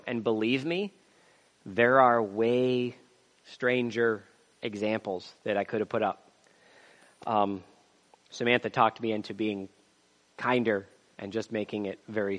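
A man's voice: on the low side, long reverb tail, highs cut off. A man preaching a sermon, reading scripture aloud and building emphasis as he goes. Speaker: pastor.

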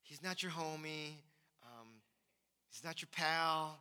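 A man's voice: fairly high pitch, takes it slowly, long pauses, bright, forceful tone, smooth. A man preaching a sermon as pastor, emphatic and repeating his key phrases. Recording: long hall reverb.

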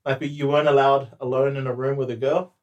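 A man's voice: medium pitch, fairly quick, dull audio. A man, chatting casually and acting out quotes as he tells stories, laughing often. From New Zealand. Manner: animated storyteller, acts out quotes, laughs often. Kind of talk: casual chat.

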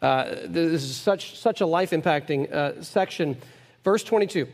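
A man's voice: fairly high pitch, unhurried, darkish tone, in a large hall. A man leading a Bible discussion, reading scripture aloud and stressing key words by repeating them.

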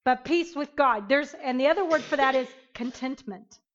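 A woman teaching an interactive Bible lesson, emphatic and animated, questioning her class. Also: high-pitched, normal speed, highs cut off, faint music behind.

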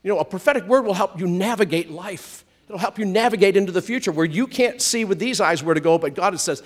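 His voice sits high as he preaches fast, with few pauses, to a church congregation. He is animated, shifting from loud comic outbursts into hushed, gentle storytelling.

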